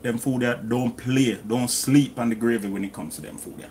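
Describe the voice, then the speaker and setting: Jamaican man, middle-aged, chatty home cook, patois phrasing, mid pitch, faint background noise. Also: fairly even intonation, moderate pace, darkish tone. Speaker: cooking vlogger. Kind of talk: casual cooking vlog talk. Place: home kitchen.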